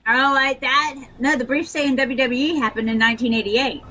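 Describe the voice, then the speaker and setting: A chatty middle-aged woman from the American South tells her stories as a podcast guest, animated and quick to laugh. Her voice is bright and forward, and the recording sounds a bit dull with a faint hiss behind it. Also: high-pitched. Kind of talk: casual interview storytelling. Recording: slightly dull audio with faint noise.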